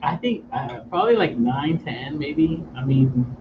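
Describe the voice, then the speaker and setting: A man with a mid-pitched voice answers in a loose, easygoing way, trailing off into fillers. He sounds far from the mic. The sound is dull, with a clear hiss behind it. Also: lively intonation, unhurried. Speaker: radio show co-host. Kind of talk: casual chat.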